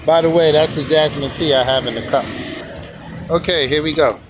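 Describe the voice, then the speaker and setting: A man's voice: fairly high pitch, fairly even intonation, moderate pace, noisy background. A man teaching on camera in a casual, easygoing, informal way. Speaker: calligraphy teacher.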